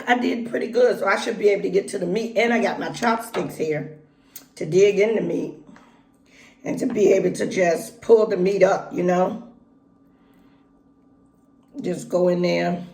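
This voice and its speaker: A woman's voice: mid-range voice, creaky, a little mellow. Folksy woman chatting while eating. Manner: chatty, folksy, talks between bites with pauses. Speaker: vlogger. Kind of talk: casual mukbang vlog, talking while eating. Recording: echoey room.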